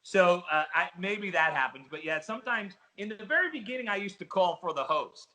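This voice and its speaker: Excitable, bright-voiced New Jersey man. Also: sits high, brisk, rough recording. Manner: excitable storyteller, calls listener buddy. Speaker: casino host trainer. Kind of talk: animated interview talk.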